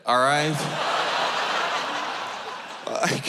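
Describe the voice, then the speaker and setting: A male stand-up comic in his thirties with a Wisconsin accent, telling stories in a fairly high voice and shouting his punchlines. He is recorded live in a big theater with long reverb. Audience noise sits clearly behind him. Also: measured pace. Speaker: stand-up comedian. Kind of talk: stand-up comedy storytelling. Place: large theater stage.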